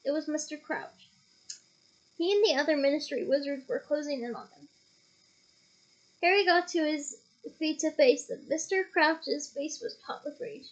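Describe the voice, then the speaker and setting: A woman reading a novel aloud, lively, breaking off now and then for playful comments. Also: high voice, normal speed, long pauses, low-quality recording. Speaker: audiobook reader.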